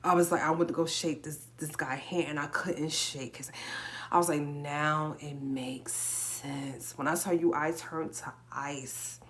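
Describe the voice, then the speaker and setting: A woman's voice: deep voice, fairly even intonation, normal speed. A woman in her forties telling a personal story on a livestream, casually, with many repeated words and acted-out quotes. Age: 40s. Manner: repeats herself, acts out quoted speech. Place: home livestream.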